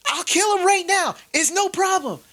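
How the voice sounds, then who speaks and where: A woman voicing a hotheaded, foul-mouthed halfling boy who shouts and swears in a tabletop game. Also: extremely high pitch, animated, moderate pace, voice pushed up. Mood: furious.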